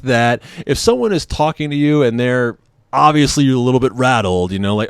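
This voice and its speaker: A man's voice: medium pitch, animated, moderate pace, clean tone, no room sound, clean studio sound. A man in his thirties, a service member, venting in a confessional vlog in an emotional, agitated and profane way. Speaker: military member vlogger.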